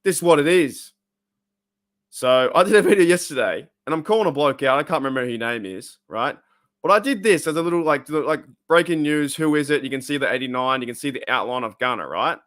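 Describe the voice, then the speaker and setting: A man's voice: on the high side, lively intonation, quick pace, fairly bright tone. A man hosting a live fan stream, rambling and fired up while he chats with viewers. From Australia. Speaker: fan channel host.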